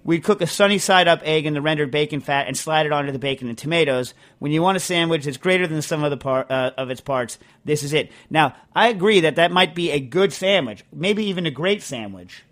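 A man's voice: on the high side, a little fast, few pauses, fairly bright tone. A man hosting a podcast in casual chat, rambling and emphatic, full of restarts as he answers listener mail. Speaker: podcast host.

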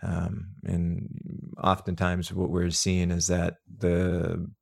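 Guy with a low gravelly voice, breathwork teacher, chatty and rambling on a podcast. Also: slow pace. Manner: animated storyteller, many restarts and fillers. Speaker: breathwork instructor. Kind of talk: casual podcast chat.

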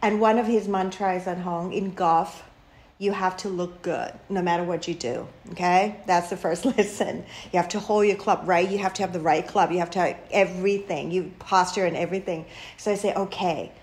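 A middle-aged woman from Thailand with a Thai accent, a chef telling her own story in an interview, animated, with frequent laughs and many fillers and restarts. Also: fairly low pitch, moderate pace. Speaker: chef and restaurant owner, guest.

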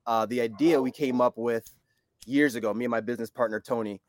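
A man's voice: medium pitch, steady tone, a little fast, dry recording. A man appearing as a guest on a casual podcast, easygoing and upbeat as he promotes his event.

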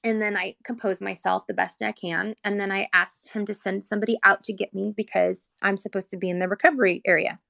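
A woman's voice: medium pitch, steady tone, fairly quick, gravelly, hardly any pauses, pushed and bright, no echo. A woman telling a personal story about her son in a rambling, earnest way, full of "like", close to tears at times. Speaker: mother telling her son's hospital story.

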